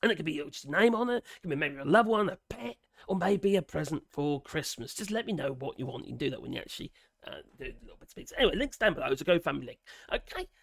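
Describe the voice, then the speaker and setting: This vlogger talks fast and animatedly to the camera, ranting casually with a Norfolk accent while swearing and giggling. His voice is a little high, creaky, and sounds strained and worn. The recording is clean, studio-grade, and free of room sound.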